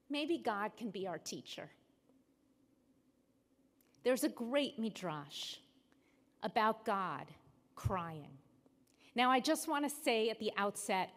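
A woman rabbi preaching a sermon in a synagogue sanctuary, measured and emphatic with deliberate pauses. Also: medium pitch, a bit bright. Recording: long hall reverb in a sanctuary.

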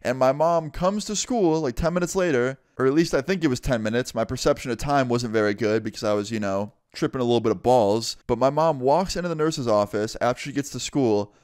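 A man's voice: medium pitch, fairly quick, hardly any pauses, a little mellow, dry recording, studio quality. A young man casually telling a story-time vlog, swearing freely and acting out the people in it. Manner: casual, swears a lot, acts out every voice. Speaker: vlogger.

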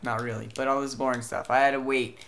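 A man's voice: medium pitch, fast, gravelly. A young man from Southern California tells his day to the camera in a chatty, rambling way, his voice sitting in a middle range. A faint hiss sits behind him. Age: young adult. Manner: chatty, rambling, animated storytelling. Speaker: vlogger. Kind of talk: casual vlog chat.

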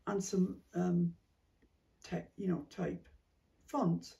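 A woman with a strongly gravelly, fry-heavy voice chats unhurriedly through a casual craft vlog. She muses aloud and slips into soft whispered asides, coughing now and then. The mic sits well away from her. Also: lowish voice, steady tone, extremely slow, recorded from a distance. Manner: chatty, musing, drops into soft whispered asides. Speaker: craft vlogger. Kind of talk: casual chat while sorting fabric.

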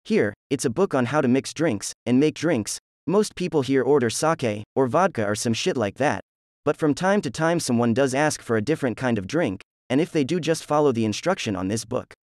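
A man's voice: medium pitch, lively intonation, brisk, a little mellow, no echo, clean studio sound, close to an everyday voice. A man voicing a nervous, stammering middle-aged bar owner who sounds flustered.

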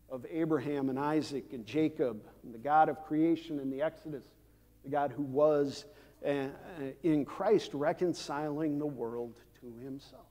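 A man preaching a sermon as pastor, measured and unhurried, with frequent "uh" fillers and the odd dry aside. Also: a little high, dark tone. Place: church sanctuary. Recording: long church hall reverb.

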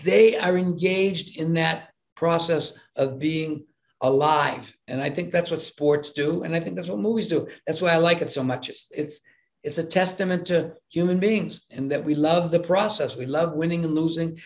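An older man talking as a podcast guest, emphatic and animated, repeating his words and acting out little exchanges. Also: fairly high pitch, moderate pace.

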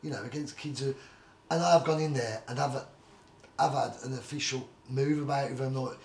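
Fast-talking middle-aged boxer in an echoey room. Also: male voice, mid-range voice, steady tone. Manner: rambling, fond of "like I say" and "do you know what I mean". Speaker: retired journeyman boxer, guest. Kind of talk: casual interview storytelling. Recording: roomy echo, faint background noise.

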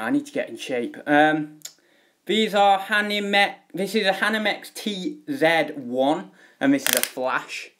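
A man's voice: fairly high pitch, lively intonation, measured pace, fairly bright tone. A young man chatting casually on a home live stream, rambling with many fillers.

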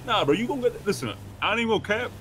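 Male role-player, rapid and fairly high-voiced, teasing slang talk, faint hiss. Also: lively intonation, sharp tone, poor audio. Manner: fast, slangy, teasing banter. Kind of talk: in-character role-play chat.

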